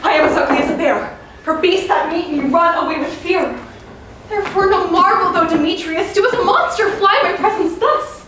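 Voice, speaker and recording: A woman playing a spurned young noblewoman pleads in a high, impassioned voice on a theater stage. The sound is heard from far off in an echoey hall, with noise behind it. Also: normal speed. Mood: distraught. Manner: impassioned stage delivery that swings from pleading to outburst. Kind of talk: live stage acting. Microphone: far camera in the audience.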